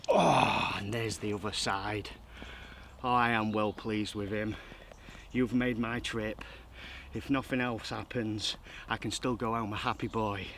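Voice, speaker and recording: Breathless angler, elated. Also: male voice, on the low side, fairly even intonation, a little slow, a bit bright, slight background noise. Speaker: carp angler vlogger. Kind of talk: excited fishing vlog. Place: outdoors by a lake.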